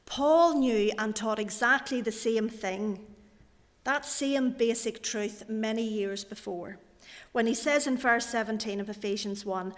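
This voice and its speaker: Woman preaching in a church. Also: a little high. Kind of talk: sermon. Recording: church hall reverb.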